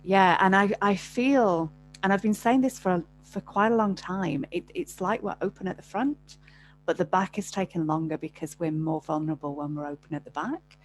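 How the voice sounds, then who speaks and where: A woman guest in a spiritual conversation over a video call, speaking gently and reflectively. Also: fairly low pitch, fairly even intonation, normal speed, slight background noise, rough recording.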